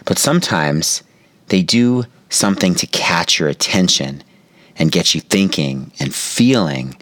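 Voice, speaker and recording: A man with a very low voice speaks as a meditation teacher, telling a reflective story. He talks calmly and slows down to stress key moments. The recording is dry and close. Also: no echo. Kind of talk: reflective spoken talk.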